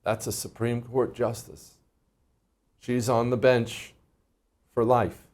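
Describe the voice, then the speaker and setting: A man's voice: medium pitch, level tone, takes it slowly, a little mellow, a little hiss or hum. A man hosting a political commentary monologue, mocking and emphatic, with many rhetorical questions.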